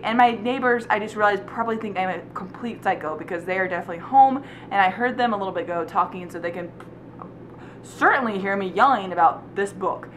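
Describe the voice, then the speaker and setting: A woman's voice: fairly high pitch, a bit bright, slight background noise. Gushing young woman rambling about books. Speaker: book reviewer. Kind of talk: casual video review. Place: at home indoors.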